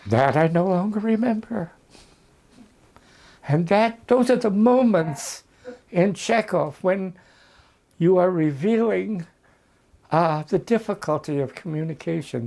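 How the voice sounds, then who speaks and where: A man in his eighties, a veteran actor being interviewed over a video call from his home, telling stories in an unhurried way and acting out the voices of the people in them. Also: a little high, vocal fry, dark tone. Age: 80s. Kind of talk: anecdotal storytelling.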